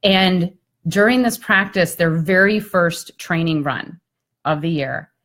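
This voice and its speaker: Her voice sits on the low side and moves slowly as this speaker and coach recounts a story over live video chat. She keeps it lively and conversational, dropping plenty of "like" and "I mean."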